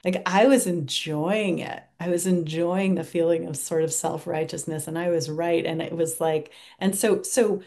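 A woman giving a reflective teaching talk on mindfulness, turning gentle and soft when she models kind self-talk. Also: lowish voice, steady tone, moderate pace, hardly any pauses. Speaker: meditation teacher.

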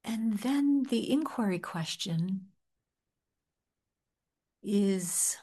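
A woman leading a guided meditation in a gentle, soft-spoken manner, with long pauses. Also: on the low side, steady tone. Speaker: meditation teacher.

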